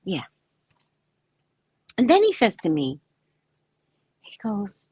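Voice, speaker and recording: Husky-voiced woman telling a chatty story. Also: mid-range voice, takes it slowly, long pauses, no room sound, lo-fi sound. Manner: chatty, animated, acts out quoted people. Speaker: psychic reader. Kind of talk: casual storytelling.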